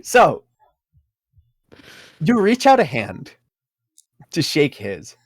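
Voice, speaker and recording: Relaxed, rambling game master, unhurried, very dry recording. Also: medium pitch, slightly rough, no room sound. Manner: rambling, giggly, lots of fillers. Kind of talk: narrating a tabletop game.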